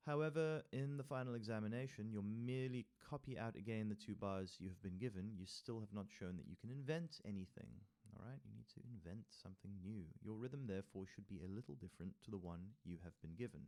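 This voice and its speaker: A man's voice: on the low side, fast talker, hardly any pauses, dark tone. A man teaching music theory, reading from a workbook with casual asides and counting rhythms aloud. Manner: reads text aloud, then adds casual asides and taps rhythms with sung syllables. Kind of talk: tutorial walkthrough reading from a workbook.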